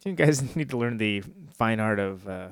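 A man's voice: on the low side, expressive, moderate pace, smooth, no echo, studio quality. A man in casual podcast banter, adding laid-back, amused asides.

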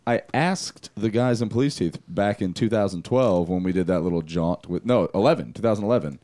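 A man chatting on a podcast in a lowish voice, rambling from one story to the next and laughing along the way. The sound is dry and close, with no room around it. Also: lively intonation, fairly quick, mellow, no room sound. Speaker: podcast co-host. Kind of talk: casual chat.

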